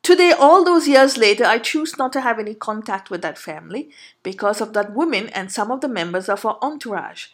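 Woman, high voice, personal storytelling monologue, earnest and emphatic, restarts sentences. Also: expressive, brisk. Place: Canada.

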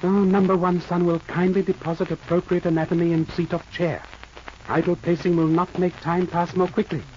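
An actor playing a calm, shrewd detective who speaks in clipped, formal broken English in a 1940s radio drama. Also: male voice, sits high, fairly quick, natural voice. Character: shrewd aphorism-quoting Chinese detective, calm. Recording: muffled old radio recording, faint hiss.

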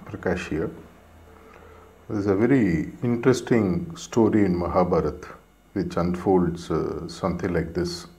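A man who teaches meditation gives a reflective storytelling talk. He speaks hesitantly and pauses with frequent fillers. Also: sits low, dark tone.

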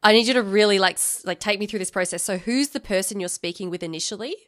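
A woman's voice: mid-range voice, fast talker, a bit bright. A woman hosting a podcast interview, asking questions eagerly and enthusiastically. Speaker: podcast host. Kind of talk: conversational interview.

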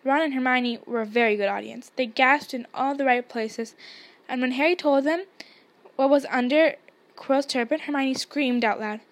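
Woman podcast reader narrating a novel, steady and plain, high voice. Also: normal speed. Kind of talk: reading a novel aloud.

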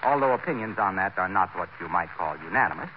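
An actor playing a cheerful, chummy pitchman with a hearty, folksy salesman manner, in 1940s radio comedy. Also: animated, fast talker. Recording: dull, faintly hissy old radio broadcast.

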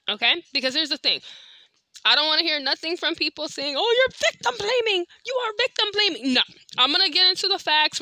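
A woman hosting a podcast, telling a story in a blunt, animated, slangy way straight to her listeners. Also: on the high side, dry recording. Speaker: podcast host. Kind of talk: casual storytelling monologue.

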